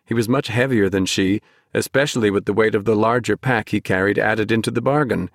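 Low-voiced male audiobook narrator. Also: no room sound, studio quality. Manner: measured storytelling. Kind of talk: scripted narration.

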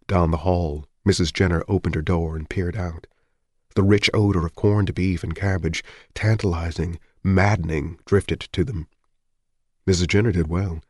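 Male audiobook narrator, very deep voice, dry close recording, measured and somber delivery. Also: a little mellow, no room sound. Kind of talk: scripted narration.

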